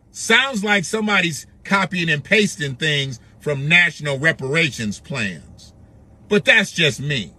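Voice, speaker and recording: A man's voice: fairly high pitch, very animated, takes it slowly, sharp tone, dry recording. A man commenting on news clips in a blunt, sarcastic way, mocking what he hears with repeated questions.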